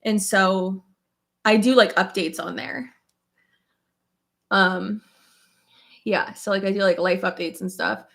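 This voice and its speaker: A woman's voice: medium pitch, steady tone, takes it slowly, gravelly, long pauses, fairly bright tone. A young woman chats through a get-ready-with-me video at home, her speech looping through fillers and casual swearing. She sounds open and emotional, laughing easily and sometimes close to tears. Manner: emotional, tearful at times, laughs often. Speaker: beauty vlogger. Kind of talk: casual chat while doing makeup.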